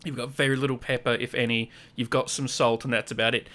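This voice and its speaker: A man's voice: medium pitch, little pitch movement, fast, few pauses, a bit bright. A man in his thirties hosting a casual podcast chat, telling stories animatedly and acting out quotes in raised voices. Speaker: podcast host.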